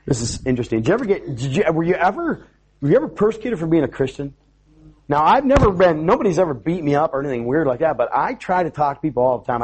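A man preaches a sermon in a somewhat high, husky voice. His pitch swings widely as he tells his story with animation, stumbling and restarting his words along the way. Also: a little mellow. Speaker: pastor.

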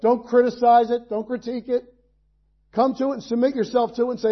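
A man's voice: very high-pitched, flat delivery, a little fast, lo-fi sound. A male pastor preaching a sermon, in a conversational style with folksy asides and rhetorical questions.

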